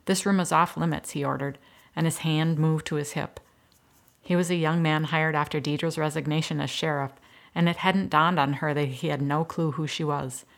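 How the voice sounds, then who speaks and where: A woman reading a novel aloud in a steady, even narration. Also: sits low, vocal fry. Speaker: audiobook narrator. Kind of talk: scripted narration.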